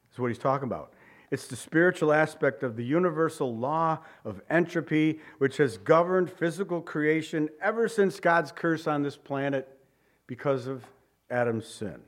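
Man preaching with dramatic hushed emphasis. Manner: dramatic swings from loud exclamations to hushed low emphasis; repeats key words for emphasis. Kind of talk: sermon.

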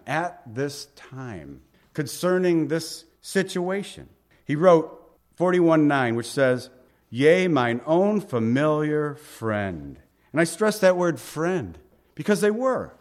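Man preaching through a Bible passage. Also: mid-range voice. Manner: reads scripture aloud, then asks the listeners rhetorical questions. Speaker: pastor. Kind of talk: expository Bible teaching.

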